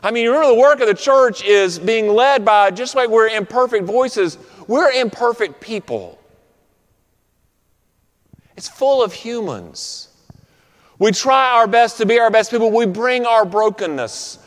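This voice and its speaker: High-voiced man preaching in a reverberant hall. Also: animated. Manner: preaching cadence, rhythmic repetition, slowing on key phrases. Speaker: pastor. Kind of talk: sermon. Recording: long reverb of a large room.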